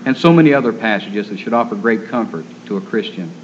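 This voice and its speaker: A man preaching a sermon in an earnest, gentle storytelling manner. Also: fairly low pitch, animated, quick pace, a little hiss or hum. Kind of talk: sermon on caring for the terminally ill. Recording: dull lo-fi recording.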